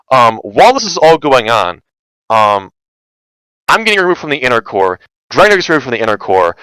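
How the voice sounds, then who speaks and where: A man recounts a long story in a loose, rambling way, leaning on "like" and "um" as he goes. He sounds exasperated. His voice is smooth and clear, recorded close and dry with no room sound. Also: mid-range voice, big pitch swings, brisk, fairly bright tone, no echo, low-quality recording. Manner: rambling, heavy use of "like" and "um" fillers, exasperated. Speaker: vlogger recounting online community drama.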